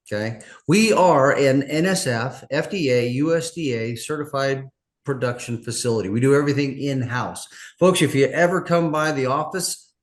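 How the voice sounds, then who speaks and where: A man giving a chatty, folksy presentation as a guest scientist on a video call. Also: medium pitch. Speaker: guest speaker, nutrition scientist.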